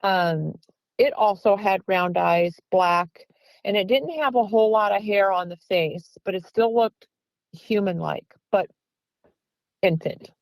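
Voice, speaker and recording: A woman's voice: mid-range voice, unhurried, creaky, no room sound, poor audio. Earnest woman telling an encounter story. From Pennsylvania. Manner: earnest storytelling, acts out quoted speech. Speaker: guest. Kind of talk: recounting an encounter.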